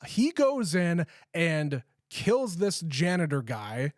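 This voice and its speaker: A man co-hosting a movie podcast, retelling scenes with animated, casual energy and loose swearing. His voice sits high for a man. The recording is close and dry. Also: slow pace, dry recording. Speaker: podcast co-host. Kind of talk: casual movie review chat.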